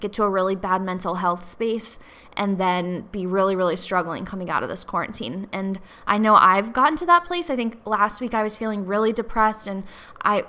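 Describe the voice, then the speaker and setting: A young woman in her twenties hosts a casual solo podcast, her bright, crisp voice rambling along with plenty of "like" fillers. She sounds tearful, as if she has been crying. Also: mid-range voice, moderate pace. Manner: rambling, chatty, many "like" fillers. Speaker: podcast host.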